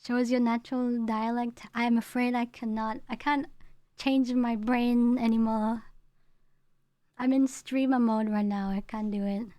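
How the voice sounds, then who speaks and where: A high-voiced woman streamer from the UK talks casually with her live chat. She rambles and repeats lines, with her home accent toned down. The close mic sounds dry, with no room echo. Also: level tone, a little slow, dark tone. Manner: chatty, rambling, repeats herself. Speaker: VTuber streamer.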